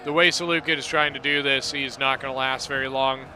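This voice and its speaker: A man giving relaxed, rambling play-by-play commentary on a strategy game battle, often correcting himself mid-sentence. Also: mid-range voice, brisk, slight background noise. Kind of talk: casual gameplay commentary.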